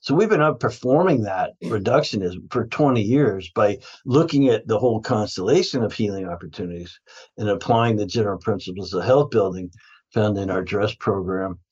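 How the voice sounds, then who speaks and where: A man's voice: fairly low pitch, lively intonation, normal speed, darkish tone, slightly rough, lo-fi sound. A man who is a guest in a casual interview, telling stories about his health practice in a rambling way, often restarting his sentences and laughing.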